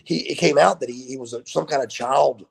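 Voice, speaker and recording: A man in his fifties, a guest on a video call, telling stories in a casual, animated way and swearing freely. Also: mid-range voice, fairly quick, vocal fry, breathy edge. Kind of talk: casual storytelling interview.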